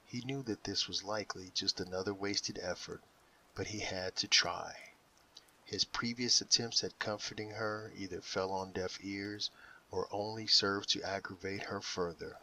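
A man narrates a dramatic audiobook in a low voice. His tone is very bright and slightly husky, and he reads slowly and deliberately, leaning into every line. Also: fairly even intonation, distant mic, rough recording.

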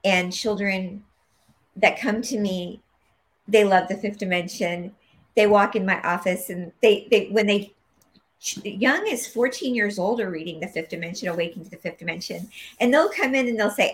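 A woman talks as an interview guest, her voice at a middle pitch. She tells her stories with lively energy. When she quotes other people, she acts them out with big leaps in pitch. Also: normal speed. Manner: animated storyteller, acts out quoted dialogue with big pitch jumps. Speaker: guest, medical intuitive healer. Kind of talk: conversational interview storytelling.

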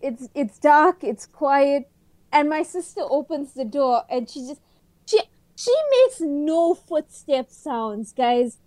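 Podcast co-host, woman, high voice, excitable dramatic storyteller, dry close sound. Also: takes it slowly, no room sound. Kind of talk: casual chat.

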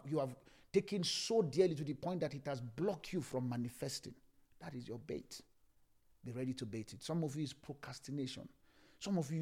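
A male pastor preaching a sermon, repeating phrases and moving from hushed whispers to loud shouts. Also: medium pitch.

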